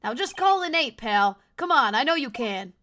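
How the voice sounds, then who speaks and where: A woman's voice: on the high side, moderate pace, bright, forceful tone, slight background noise. A woman voicing a bumbling, loyal male police detective who stammers and blusters. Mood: worked up. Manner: blustery, stammering, ends lines with "pal".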